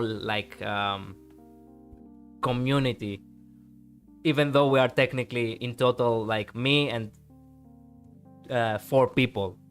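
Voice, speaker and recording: A man's voice: medium pitch, a bit bright. A man from Greece with a Greek accent, chatting casually with viewers on a live stream, rambling with many fillers and restarts and laughing easily.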